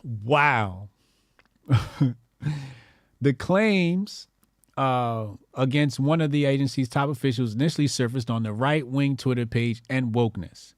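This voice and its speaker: A man's voice: medium pitch, a little slow, no echo, clean studio sound. A male comedian hosting a loose, profane commentary show, laughing and riffing in slang as he reacts to posts online. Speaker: comedian host.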